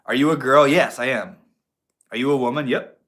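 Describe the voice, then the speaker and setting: A man's voice: mid-range voice, normal speed, a bit bright. A young man from Maine hosting a casual livestream, chatting in a slangy, laid-back way and answering viewers. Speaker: livestream host.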